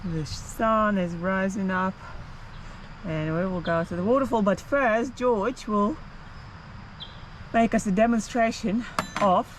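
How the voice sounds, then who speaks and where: A woman's voice: mid-range voice, slow, long pauses. A middle-aged Australian woman, a mother filming her family's camping trip, talking in a playful, teasing way by a river. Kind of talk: casual travel vlog chat. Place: outdoor campsite by a river. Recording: noisy outdoor phone recording.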